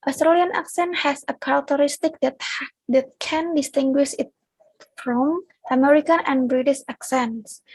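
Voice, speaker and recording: A woman's voice: sits high, dry recording, rough recording. A young Indonesian woman with an Indonesian accent, reading a prepared class presentation aloud as a student. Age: young adult. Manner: reads a prepared script aloud.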